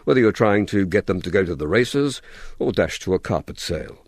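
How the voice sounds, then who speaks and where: A man's voice: low voice, animated, a little fast, darkish tone, dry recording, studio quality. A man presenting a radio documentary, narrating and putting questions to guests.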